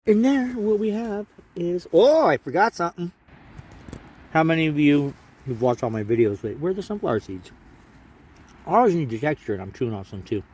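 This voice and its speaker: His voice runs a little high yet darkish and slightly rough, swinging widely in pitch as he talks fairly quickly. The man, from Alaska, is vlogging at a mountain campsite while hiking, a bit tired, rambling and self-interrupting into a handheld camera.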